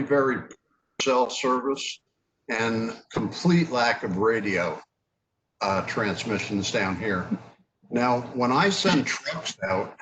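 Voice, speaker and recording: A man speaking as a town highway superintendent at a public meeting, plainspoken and earnest, with frequent fillers. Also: fairly bright tone, slight background noise, rough recording.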